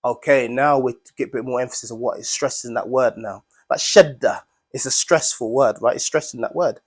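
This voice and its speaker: A man's voice: mid-range voice, fairly quick, slightly rough. A man teaching a class, explaining Arabic words step by step and often checking in with the students.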